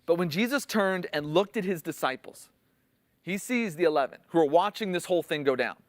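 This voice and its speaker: A man delivers a sermon in an easygoing, conversational way, as if talking with friends, with a somewhat higher-than-usual voice. He leans into the quoted lines with more force. The sound is close and dry, with no room echo. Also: lively intonation, a little fast. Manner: conversational teaching, acts out quotes with rising intensity. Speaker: pastor.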